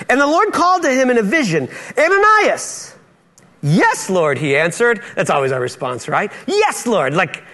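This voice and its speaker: A man's voice: high-pitched, a bit bright. A male pastor preaching a sermon in a church, playful and acting out Bible dialogue in different voices.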